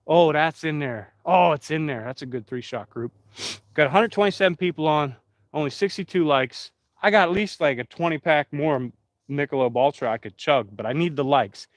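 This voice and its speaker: A man's voice: medium pitch, no room sound. Chatty man live-streaming. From Pennsylvania. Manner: rambling, chatty, talks straight to the chat. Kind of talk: casual live-stream chat.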